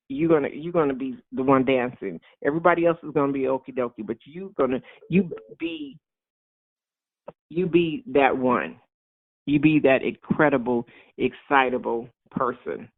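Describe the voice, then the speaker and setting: Animated preacher man on a tinny line. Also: medium pitch, dry recording. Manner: animated, repetitive, acts out excited voices. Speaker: pastor. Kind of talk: informal sermon. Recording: tinny phone-like sound.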